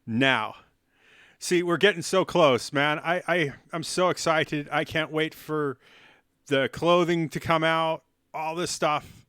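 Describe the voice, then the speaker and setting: A man's voice: on the high side, slow pace, fairly bright tone, smooth, no echo, clean studio sound. A man chatting on a live stream while playing chess, rambling and self-mocking and cracking silly jokes. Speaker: livestreamer.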